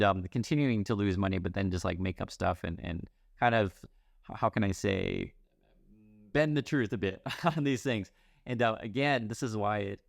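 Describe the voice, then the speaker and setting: A middle-aged man talks through the news in a loose, chatty way, full of fillers, restarts and wry asides. His voice sits low with a gravelly fry. The sound is dry and close, with no room around it. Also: dry recording. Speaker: news commentary host. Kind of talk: casual solo commentary.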